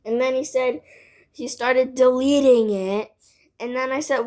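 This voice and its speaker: A woman's voice: high-pitched, fairly even intonation, measured pace, darkish tone. A female voice telling a casual storytime vlog, rambling with lots of "like" and side remarks. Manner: rambling, filled with "like", frequent asides.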